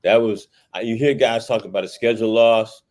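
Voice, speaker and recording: Low-voiced, halting man on a podcast. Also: steady tone, a little mellow. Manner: halting, repeats words, many fillers. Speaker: podcast co-host. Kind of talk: casual sports chat.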